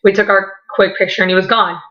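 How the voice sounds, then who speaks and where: Young woman, casual storytelling, rambling, excited, swears a lot, bright voice, dull lo-fi sound. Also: medium pitch, fast. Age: young adult. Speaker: vlogger.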